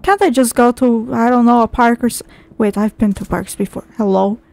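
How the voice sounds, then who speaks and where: A woman's voice: fairly high pitch, fairly quick, vocal fry, a little mellow. A woman playing a horror game, swearing constantly and talking to herself, easily startled. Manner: jumpy, heavily profane, talks to herself. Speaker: game streamer. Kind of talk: horror game let's play commentary.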